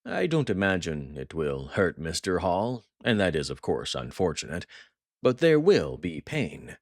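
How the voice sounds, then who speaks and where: A man voicing a jovial, cruel male French crime boss who talks with theatrical mock warmth. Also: sits low, wildly swooping pitch, measured pace, dry recording, studio quality, exaggerated voice. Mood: gloating. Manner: mock-warm, theatrical, gloating.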